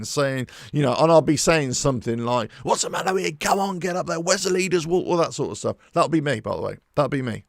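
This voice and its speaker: Gravelly man ranting. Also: mid-range voice, dry recording, studio quality. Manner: animated, rambling with restarts. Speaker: football fan channel host. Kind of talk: casual monologue.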